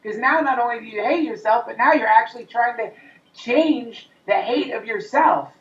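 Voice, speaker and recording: A man's voice: very high voice, normal speed. A male comedian rants intensely and profanely in an interview, now and then acting out the nagging voice in his own head. He sits some way back from the microphone, so he sounds distant. The room echoes around him and the recording has a dull, muffled tone. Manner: acts out his inner critic's voice. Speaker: comedian guest. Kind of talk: interview conversation.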